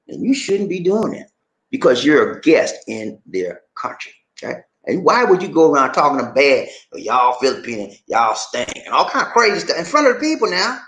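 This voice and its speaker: A man living abroad talking casually to his viewers, animated, acting out shop conversations and repeating phrases for emphasis. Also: on the high side, reverberant. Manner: animated, acts out shop dialogues. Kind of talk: casual live-stream talk to viewers. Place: indoors, in the Philippines.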